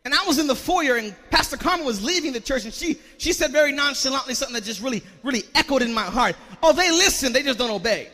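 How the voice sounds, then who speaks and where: A man preaching a sermon as a pastor, asking the congregation questions, repeating words and rising to shouts. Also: very high voice, lively intonation, fast, hardly any pauses, long reverb tail. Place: church sanctuary.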